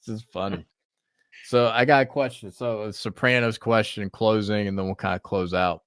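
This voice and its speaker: A man's voice: fairly low pitch, steady tone, moderate pace, a bit bright, smooth, no room sound. A man hosting a podcast in casual chat, laughing often and swearing freely. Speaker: podcast host.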